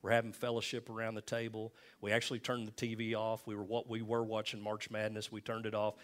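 A man's voice: on the low side, completely flat delivery, fast, fairly bright tone. Older male pastor preaching, folksy. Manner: conversational preaching, folksy asides and repeated emphasis. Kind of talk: sermon.

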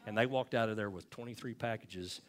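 In a church sanctuary, an older pastor wraps up his sermon with a folksy story, acting out its voices before leading a prayer. His voice is fairly low in pitch and his pace is brisk.

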